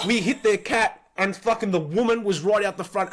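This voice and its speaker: An Australian man in his forties tells stories in a casual, animated way, peppered with swearing. His voice sits a little high for a man, and his delivery is blunt and lively. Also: normal speed. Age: 40s. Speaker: podcast co-host. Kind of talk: casual storytelling.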